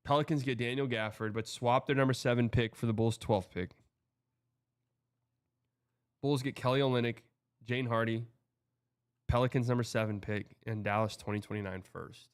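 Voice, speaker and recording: Smooth-voiced young man chatting loosely. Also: mid-range voice, steady tone, brisk, no echo, clean studio sound. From Texas. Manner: rambling, loose, chatty with filler words. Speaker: host reading viewer comments. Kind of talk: casual livestream chat.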